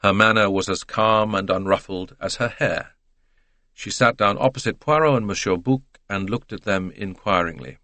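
A male audiobook narrator with a low voice, reading in a measured, even way. The recording is close and dry, with no room sound at all. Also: no echo. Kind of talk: scripted narration.

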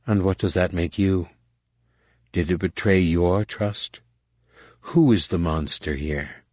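A man voicing a calm, sad female alien mentor who speaks slowly and probingly. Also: sits low, no room sound, studio quality. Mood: calm, sorrowful. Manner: slow, sorrowful, quietly probing.

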